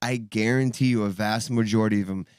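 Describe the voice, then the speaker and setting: A man co-hosting a casual podcast chat, often pausing to search for words. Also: lowish voice, fairly even intonation, darkish tone, clean tone, no room sound, studio quality. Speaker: podcast co-host.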